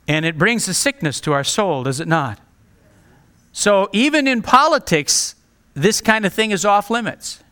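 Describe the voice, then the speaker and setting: Earnest, bright-voiced male preacher. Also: sits high, lively intonation, unhurried. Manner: earnest and direct, pleading with listeners. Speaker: pastor. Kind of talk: sermon.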